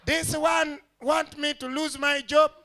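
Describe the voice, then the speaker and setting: On a stage mic, a man with a high, bright voice does stand-up, telling his story with animation and slipping into character voices for the people in it. His delivery is flat and slow.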